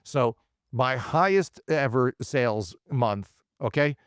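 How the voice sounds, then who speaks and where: A man's voice: medium pitch, slow, clear, resonant tone, no echo, clean studio sound. A man in his forties, a guest on a podcast, telling a story in a casual interview and acting out the quotes. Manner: animated, acts out quotes. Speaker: podcast guest, automotive CEO.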